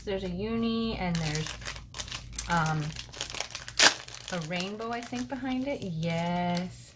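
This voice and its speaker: A woman at her home craft desk chatting casually and excitedly as she shows off mail she received, picked up by a camera on the desk. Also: on the low side, slow pace, pauses often, background noise. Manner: gushing, excitable, rambling. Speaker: crafting vlogger.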